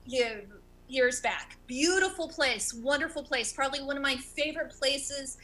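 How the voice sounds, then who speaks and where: Bright-voiced woman comic who stutters. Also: high voice, moderate pace, poor audio. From America. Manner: stutters, self-deprecating. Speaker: stand-up comedian. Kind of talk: stand-up set on a video call. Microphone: video call.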